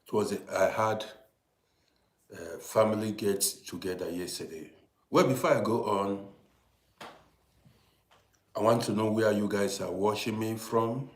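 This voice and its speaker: An older man hosting a casual morning live stream, chatting and greeting viewers, often pausing and restarting. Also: on the low side, roomy sound.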